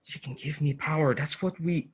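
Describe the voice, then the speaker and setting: A man's voice: on the high side, steady tone, normal speed, husky, voice pushed up. A man voicing a desperate young drow woman who pleads with a friend. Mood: pleading.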